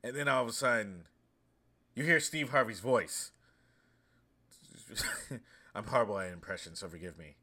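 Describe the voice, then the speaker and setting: A man in his thirties hosting a show, talking in a chatty, storytelling way with animated asides. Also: lowish voice, moderate pace, long pauses. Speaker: host. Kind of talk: casual monologue.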